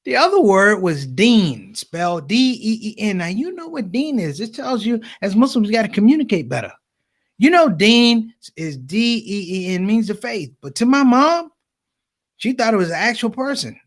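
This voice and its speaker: A man's voice: sits high, normal speed. A man doing stand-up comedy, telling stories to the audience and calling them brothers and sisters. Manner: animated storytelling, addresses audience as brothers and sisters.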